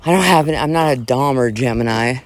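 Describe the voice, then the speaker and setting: Amid a little hiss or hum, a man with a medium-pitched voice reads a profane, dramatic rant briskly. Casual asides interrupt it, and he switches from loud mock yelling to quieter talk.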